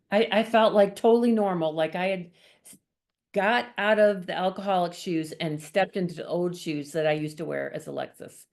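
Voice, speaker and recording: A woman's voice: medium pitch, moderate pace, darkish tone. A woman telling her personal faith testimony as a guest author, earnest and emotional in her storytelling.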